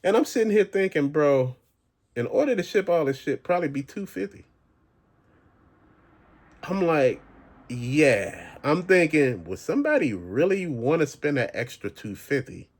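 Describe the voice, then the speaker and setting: Man, casual rant, slangy and profane, pitch swinging all over, somewhat high voice. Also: big pitch swings, unhurried. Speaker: channel host.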